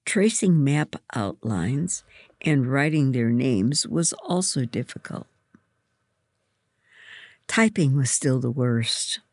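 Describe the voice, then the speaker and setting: A slow, gravelly narrator reading a first-person storybook. The pitch moves a lot as they tell it, and the sound is close and dry. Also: darkish tone, dry recording.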